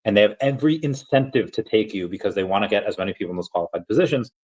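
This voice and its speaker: A man's voice: lively intonation, racing, a little mellow. Rambling man on a lo-fi livestream. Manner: rambling, with many restarts and fillers; acts out short pickup lines in a deeper voice. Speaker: livestream host. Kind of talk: casual livestream chat. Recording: dull, lo-fi sound.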